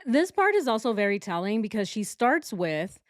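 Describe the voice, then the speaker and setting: A woman talks over a video she is reacting to, casual and openly sarcastic. Her voice sits at a middle pitch, and the recording is close and dry with no room sound. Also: very animated, normal speed, no echo, faint music behind. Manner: sarcastic, mocking. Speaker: true crime reaction host.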